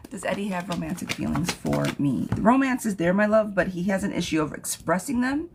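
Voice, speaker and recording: Against a noisy backdrop, the woman's fairly low voice sounds animated and a little fast. She's a tarot reader offering yes-or-no readings on a livestream, casually voicing viewer questions and thanking commenters.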